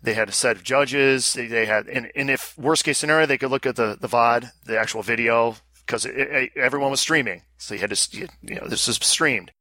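A man co-hosts a casual podcast, his voice bright and forward. He explains things at length, repeating words as he works through them. The sound is dry and close. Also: mid-range voice, fairly quick, few pauses, dry recording. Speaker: podcast co-host. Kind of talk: casual chat.

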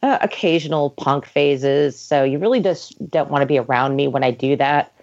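Low-voiced woman chiming in with facts. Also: normal speed, a little mellow. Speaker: podcast guest. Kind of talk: casual podcast chat. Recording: dull lo-fi audio.

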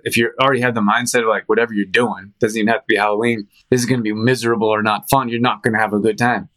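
A man hosting a show, chatting casually in a rambling, animated storytelling way with frequent restarts and fillers. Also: lowish voice, fast talker, hardly any pauses. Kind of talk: casual chat.

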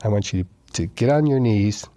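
A man guest in a casual interview, telling his recovery story with lively retellings, acting out quoted dialogue and repeating lines for emphasis. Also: fairly low pitch, moderate pace, no room sound.

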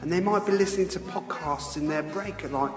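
A man's voice: a little high, fairly quick, music in the background, close to an everyday voice. Casting: man as a whiny, timid sidekick producer, fussy and pedantic, recorded in an echoey hall. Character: whiny dim-witted male podcast producer. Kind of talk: scripted comedy sketch.

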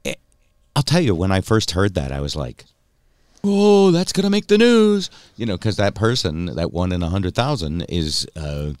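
Low-voiced, animated podcast man. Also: moderate pace, dry recording, clean studio sound. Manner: chatty, animated storytelling, slips into mock voices. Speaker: podcast host. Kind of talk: casual chat.

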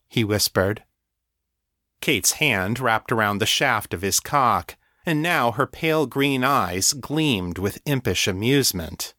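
A man reading an audiobook story in calm, measured scripted narration. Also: medium pitch, no room sound, studio quality.

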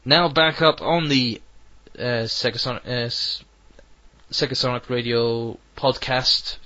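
A man's voice: mid-range voice, fairly even intonation, slow pace, bright, forceful tone, dry recording, dull audio. A man hosting an internet radio show, rambling chattily through his sign-off and plugs, often correcting himself. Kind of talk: casual radio sign-off chat.

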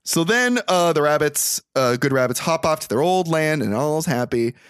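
A man's voice: a little high, moderate pace, clear, resonant tone, no room sound, studio quality. A man hosting a podcast, swearing freely as he animatedly recaps a movie plot. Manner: profane, animated storytelling. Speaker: podcast host.

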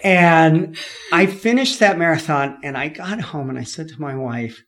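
A man from California, a podcast guest, telling his story in a lively way, laughing often and acting out what people said. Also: on the high side, a little slow. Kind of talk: storytelling in an interview.

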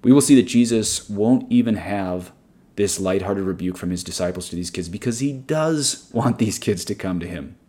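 A man's voice: fairly low pitch, animated, normal speed, warm tone. A man preaching a meditative sermon in an earnest, digressive, opinionated way. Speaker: Catholic preacher. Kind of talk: sermon-style guided meditation.

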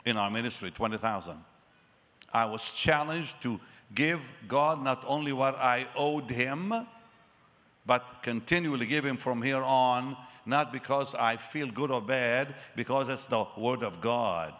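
A man in his seventies preaching a sermon, telling his story with animated delivery and acting out conversations. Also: medium pitch, unhurried. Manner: animated storytelling, acts out dialogue. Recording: long reverb of a large hall.

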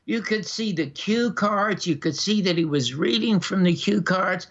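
Older guy from canada telling showbiz stories, high bright voice, muffled lo-fi audio. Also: unhurried. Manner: animated anecdotes with laughs and restarts. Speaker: guest, former TV critic. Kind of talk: storytelling interview. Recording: dull lo-fi recording.

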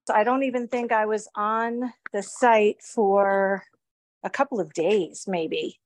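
A woman's voice: medium pitch, steady tone, slow. A woman in her forties casually recounting her own story in an interview, rambling and acting out bits of dialogue. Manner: rambling, with frequent restarts and quoted dialogue. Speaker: victim telling her story.

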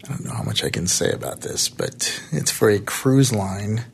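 A man's voice: fairly low pitch, big pitch swings, normal speed, creaky, a little hiss or hum. A man hosting a podcast in casual chat, upbeat and laughing often. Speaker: podcast host.

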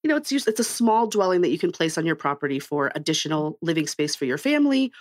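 A woman's voice: sits low, big pitch swings, fast talker. A woman guest on a podcast, chatting casually and laughing easily, playful in her answers. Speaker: podcast guest, construction client director.

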